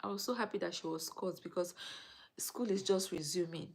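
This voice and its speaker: A woman's voice: on the low side, normal speed, vocal fry, slight background noise, low-quality recording. A Nigerian woman, a mother in her thirties, chatting casually on a live stream, greeting viewers and laughing often.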